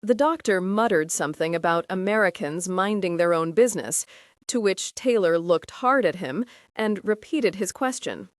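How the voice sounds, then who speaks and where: Woman reading an audiobook, even delivery, dry sound, mic a bit far. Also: fairly low pitch, moderate pace, no echo. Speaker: audiobook narrator. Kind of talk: scripted narration.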